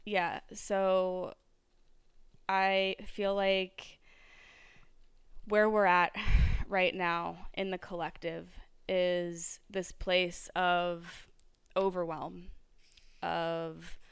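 A woman's voice: on the low side, flat delivery, very slow, long pauses, clean tone, dry recording, clean studio sound. A woman hosting a solo podcast, talking reflectively with lots of fillers and restarts. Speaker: podcast host.

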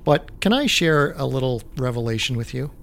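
A man from Canada, a music director, co-hosting a casual, relaxed chat about music history. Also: medium pitch, normal speed, creaky, slight background noise.

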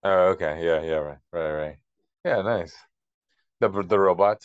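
A man co-hosting a podcast in casual chat, chatty and quick to laugh. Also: deep voice, clean tone, no room sound, highs cut off. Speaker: podcast co-host.

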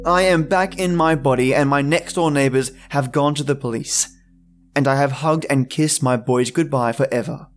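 A man hosting a podcast, narrating horror stories in a measured, dramatic reading. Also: medium pitch. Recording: soft music bed.

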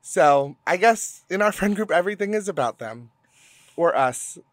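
A woman's voice: lowish voice, lively intonation, normal speed, no room sound. A young woman co-hosting a podcast, blunt and sarcastic in casual chat, swearing often. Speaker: podcast co-host.

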